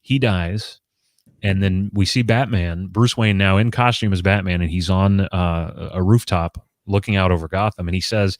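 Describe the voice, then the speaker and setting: Host, male, 40s: very low voice, casual and rambling, dry recording. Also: moderate pace, no echo. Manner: rambling, with many restarts and filler words. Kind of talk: casual conversation about comics.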